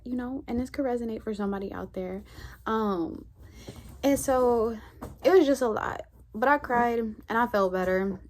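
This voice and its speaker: A woman's voice: medium pitch, darkish tone, a little hiss or hum. A woman vlogger talking candidly and reflectively to her viewers, in a rambling, heartfelt, conversational way. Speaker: spiritual vlogger. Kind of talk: candid reflective chat to camera.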